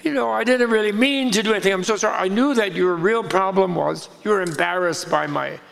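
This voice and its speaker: A man's voice: sits high, fairly quick, vocal fry, a bit bright, big-room sound, voice pushed up. A man doing a sheepish, playful hermit saint. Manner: apologetic, mock-innocent, chuckling.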